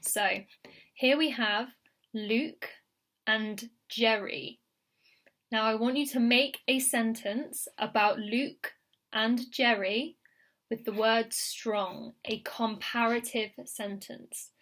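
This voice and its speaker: A woman teaching an English grammar lesson, patient and clear, repeating key words and checking in with the learner. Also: on the high side, steady tone, slow, fairly bright tone. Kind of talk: slow recorded grammar lesson.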